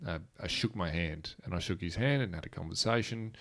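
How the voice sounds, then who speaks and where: A man's voice: deep voice, fairly quick, vocal fry, a bit bright. An Australian man in his thirties, telling a story in a rambling way with restarts and fillers. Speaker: guest speaker. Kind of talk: conversational storytelling.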